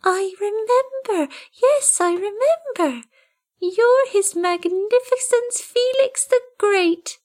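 A woman voicing a tiny newborn kitten, eager and full of wonder, in a high, slow, wondering voice. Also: lively intonation, a little mellow, full character voice.

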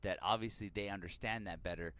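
Rambling man in his forties, low voice. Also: quick pace, sharp tone. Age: 40s. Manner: rambling, laughs a lot, slips into mock accents. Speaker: podcast co-host. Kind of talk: casual chat.

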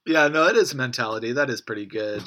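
A man hosting a mock corporate show in a comedy sketch, talking in earnest business jargon with halting restarts. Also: medium pitch, pushed and bright. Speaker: host.

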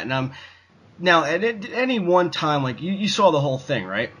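A man's voice: a little high, big pitch swings, moderate pace, fairly bright tone, a little hiss or hum, poor audio. A man ranting in a casual talk show, swearing constantly and rambling with lots of fillers. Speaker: podcast co-host. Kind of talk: profane casual rant.

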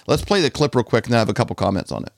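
A man's voice: mid-range voice, animated, rapid-fire, gravelly, no echo, studio quality. A man co-hosting a casual talk show, sarcastic and often repeating words as he starts sentences. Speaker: co-host.

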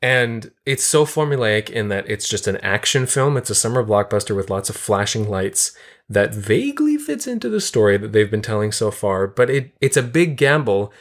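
A woman's voice: rumbling low, sing-song, normal speed. A woman co-hosting a casual chat about a film, explaining at length with enthusiasm. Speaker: podcast co-host. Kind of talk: casual movie discussion.

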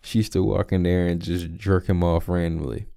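A man's voice: low voice, little pitch movement, normal speed, gravelly, warm tone, no room sound, studio quality. A man in casual chat, telling a crude story with laughs.

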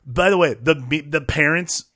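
A man's voice: a little high, normal speed, a bit bright. A man co-hosting a casual movie review podcast, rambling and profane, full of fillers. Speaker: podcast co-host.

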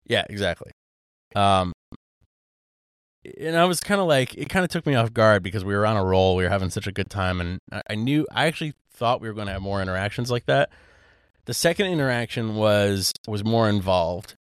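A man's voice: on the low side, lively intonation, fairly quick, clean tone, no room sound, studio quality. A man co-hosting a podcast, telling a story in casual chat, rambling with lots of fillers and restarts. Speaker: podcast co-host.

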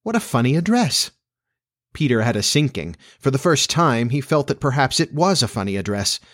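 Guy reading a classic kids' story aloud, middle-pitched, even storyteller pace. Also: a little fast. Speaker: narrator. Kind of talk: audiobook narration.

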